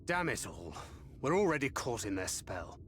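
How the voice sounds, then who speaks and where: A man voicing a puzzled male adventurer companion in a game, muttering low. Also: big pitch swings, normal speed, a bit bright, a little hiss or hum.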